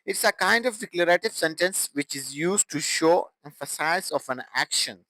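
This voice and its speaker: A man teaching English grammar in a halting way, with restarts and broken phrasing. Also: on the high side, lively intonation, sharp tone, no room sound, rough recording. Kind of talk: classroom grammar explanation.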